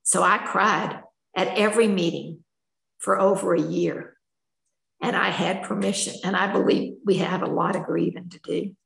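A woman's voice: lowish voice, fairly even intonation, moderate pace, creaky, a bit bright, roomy sound, poor audio. An older woman telling her personal story at a recovery meeting, candid and emotional, in a chatty storytelling manner. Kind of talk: personal testimony.

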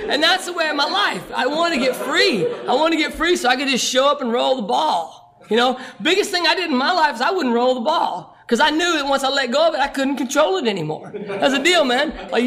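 A man, from Arkansas, giving a rambling, self-mocking personal testimony at a recovery meeting and laughing often. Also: very high voice.

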